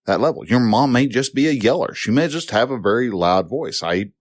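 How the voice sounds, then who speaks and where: A man hosting a podcast, giving advice in an unscripted monologue, rambling with many restarts and getting more animated when he is passionate. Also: mid-range voice, a little fast, no room sound, clean studio sound.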